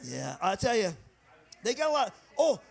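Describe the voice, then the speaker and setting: A male stand-up comedian from Michigan, chatting with the crowd, laughing at his own jokes and jumping between bits with quick asides. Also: high voice, sing-song, creaky.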